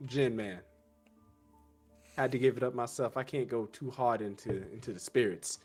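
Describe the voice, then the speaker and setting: A man playing a tabletop role-playing game, speaking in a casual, halting way. Faint music drifts behind him. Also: mid-range voice, slightly rough. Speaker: player. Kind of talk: in-character tabletop role-play.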